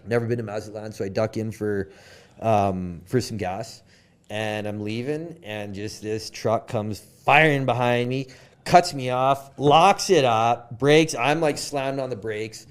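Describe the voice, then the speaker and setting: A man's voice: mid-range voice, measured pace, smooth. A young Canadian man on a podcast, telling a story casually with many fillers and acted-out quotes. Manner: animated, lots of fillers, quoted dialogue. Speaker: podcast guest.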